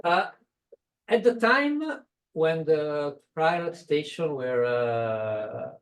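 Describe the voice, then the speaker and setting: French-native man interviewer, hesitant, animated rising voice. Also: on the high side, very slow. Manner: hesitant, apologetic.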